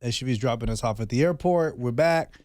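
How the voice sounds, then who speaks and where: A man in his thirties chats on his podcast and tells a family story with animated energy, playing out the other voices as he goes. The sound is close and dry. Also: medium pitch, fairly quick, no room sound. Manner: animated storyteller, acts out quotes. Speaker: podcast co-host. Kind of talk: casual chat.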